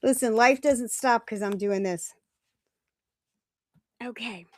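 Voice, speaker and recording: A woman's voice: on the high side, slow, darkish tone, a little hiss or hum. A middle-aged woman, hosting a recovery meeting from home and chatting casually and digressively with her viewers. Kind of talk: casual livestream talk. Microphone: webcam or phone camera.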